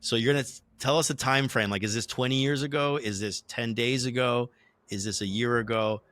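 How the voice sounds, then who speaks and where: A man with a bright, forward voice walks a friend through the rules of a tabletop game, step by step, often circling back to rephrase. He sits at an average pitch, and the sound is dry with no room echo. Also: steady tone, fairly quick. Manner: explains rules step by step, rambling restarts. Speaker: rules explainer and player. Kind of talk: casual tabletop game play.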